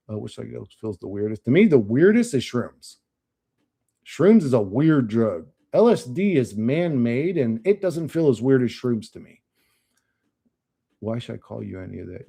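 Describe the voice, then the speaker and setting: A man's voice: medium pitch, vocal fry, warm tone, breathy edge. A young man streaming live, chatting casually and bluntly, cursing often and laughing at chat.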